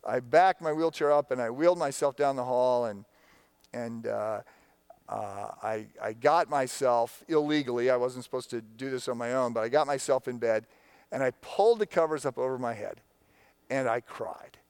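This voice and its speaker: A man's voice: medium pitch, normal speed, darkish tone, clean tone, no echo. A man preaching a sermon in a conversational storytelling way, candid and self-deprecating. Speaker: pastor.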